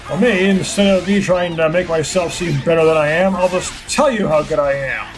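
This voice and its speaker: A man's voice: a little high, fairly quick. A man doing gameplay commentary, ranting and sarcastic, poking fun at himself and others. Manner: ranting, self-deprecating, sarcastic asides. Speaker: let's play host. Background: game music.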